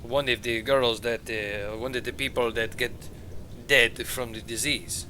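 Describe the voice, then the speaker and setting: A man voicing a defensive, boastful male healer merchant who speaks halting broken English and opens lines with "eh.". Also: medium pitch, fairly even intonation, a loud crowd, close to an everyday voice, rough recording. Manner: broken English with hesitant "eh" openings.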